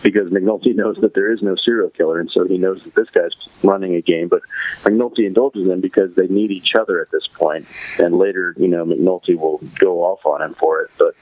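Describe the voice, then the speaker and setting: A man's voice: low voice, steady tone, brisk, phone-quality sound. A man hosting a podcast, casually recapping a TV episode, rambling and thinking aloud with many fillers. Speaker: podcast host.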